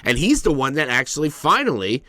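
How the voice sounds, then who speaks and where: A man co-hosting a podcast in casual chat, rambling, animated and swearing freely. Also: a little high, brisk, no echo. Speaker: podcast co-host.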